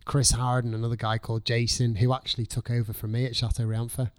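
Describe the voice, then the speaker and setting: A man's voice: medium pitch, level tone, fast. A man, a chef chatting as a guest, telling his story casually, swearing freely and acting out his own past thoughts. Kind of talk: casual podcast chat.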